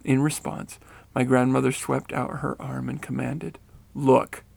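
A man reading a first-person spiritual story aloud in a steady, earnest way. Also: medium pitch, normal speed, creaky, no echo.

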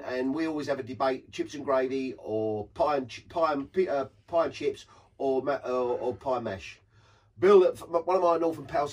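A man's voice: fairly high pitch, breathy edge. A tired man, rambling with stumbling restarts as a podcast host. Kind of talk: casual podcast chat. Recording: distant mic with faint noise.

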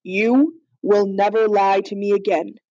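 A woman's voice: medium pitch, fairly even intonation, measured pace, warm tone, no room sound, lightly acted. A woman voicing a cruel, angry male soldier leader who barks his orders harshly, on a slightly dull, lo-fi recording. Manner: barking, harsh, commanding.

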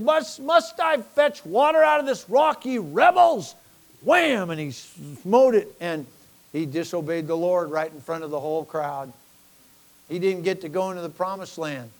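An older man delivers a sermon in a fairly high voice. He wanders into folksy personal stories and acts out the people he quotes, then returns to reading scripture. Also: darkish tone. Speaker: pastor.

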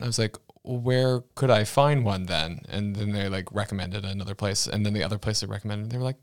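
A man's voice: on the low side, a little fast, few pauses. A man co-hosting a podcast, chatting casually and laughing as he tells stories. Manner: animated, laughs while telling stories. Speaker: podcast co-host. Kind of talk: casual chat.

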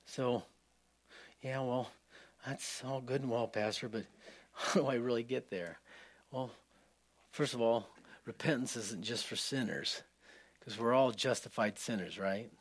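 A man's voice: mid-range voice, a little slow, long pauses, husky. Earnest male pastor preaching a sermon. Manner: earnest, swings from emphatic to soft and hushed.

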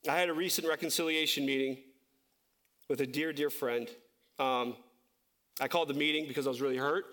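A man preaching a sermon as pastor, impassioned and conversational, climbing high and slowing down on key phrases, with self-correcting asides. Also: steady tone, a bit bright.

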